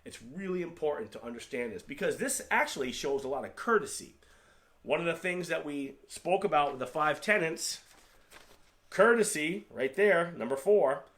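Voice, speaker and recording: A man's voice: medium pitch, fairly bright tone. A middle-aged man teaching an online taekwondo class, encouraging and patient, and repeating terms for his students to say back. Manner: encouraging, coaching, repeats terms for learners to echo. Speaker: taekwondo instructor.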